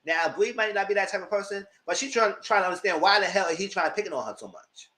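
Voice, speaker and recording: A man's voice: high voice, lively intonation, fast talker, bright, forceful tone. A man giving a casual live review of a reality TV show, retelling scenes with exasperation and cursing.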